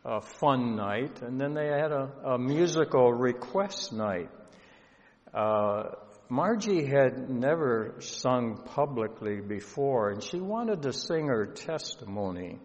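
A male pastor telling a story in a sermon, slow and earnest, with emotion rising at times. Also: medium pitch. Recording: dull lo-fi sound with long hall reverb.

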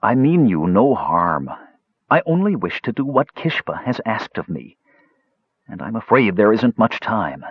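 A man reading the part of an earnest young hero in an audiobook, measured and pleading, on a dull, dry, lo-fi recording. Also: on the low side, sing-song, breathy edge, no echo, exaggerated voice. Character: earnest young half-elf man, calm and urgent.

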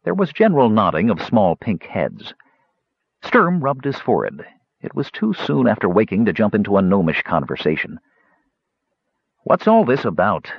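A man reading a fantasy novel aloud as audiobook narrator, expressive and voicing the characters. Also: on the low side, moderate pace, creaky, slightly rough, no room sound. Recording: dull lo-fi dry recording.

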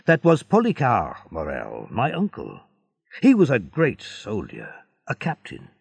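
A man's voice: on the low side, huge pitch swings, measured pace, gravelly, husky, no echo, heavily acted. A man voicing a kindly, fatherly ship owner in a storybook reading. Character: older male ship owner, kindly and warm.

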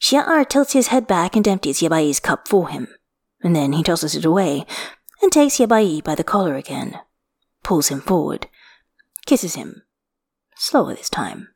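Woman reading a story out loud, kinda low voice, slow and close. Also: sing-song, creaky. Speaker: reader. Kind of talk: reading fiction aloud.

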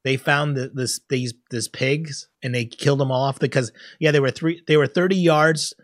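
A man co-hosting a podcast in a casual chat, animated, often laughing and acting out scenes in loud high bursts. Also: moderate pace, dry recording, clean studio sound. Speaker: podcast co-host.

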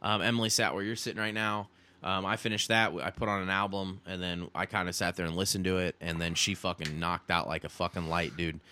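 Bright-voiced man swearing through a story. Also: low-pitched, a little fast, smooth. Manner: animated, swears often, says "dude". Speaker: podcast co-host. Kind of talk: casual storytelling chat.

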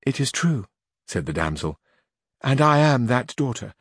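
A man's voice: medium pitch, very animated, measured pace, slightly rough, no room sound, studio quality, exaggerated voice. A man reading aloud voices a shy young noblewoman in disguise who speaks in modest, tearful confusion. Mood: tearful pleading.

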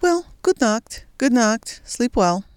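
A woman's voice: a little high, very animated, takes it slowly, darkish tone, clear, resonant tone, dry recording, clean studio sound, voice pushed up. A woman voicing a brusque young officer. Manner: curt commands.

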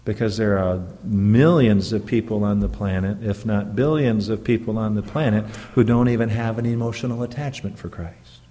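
A man's voice: fairly low pitch, moderate pace, few pauses, warm tone, big-room sound. A man who is a pastor preaching a sermon in an earnest, emphatic way, often stopping to check in with the congregation through rhetorical questions.

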